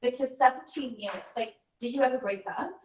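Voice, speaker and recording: A woman hosting a casual chat, excited and swearing casually. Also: sits high, brisk, distant mic. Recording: echoey room, voice a bit off-mic.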